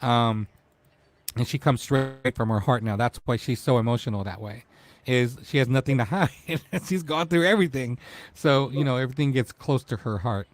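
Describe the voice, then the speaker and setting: A man's voice: medium pitch, moderate pace. A man in his forties hosting a casual live-stream talk show, emotional and tearful as he speaks to his guest. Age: 40s.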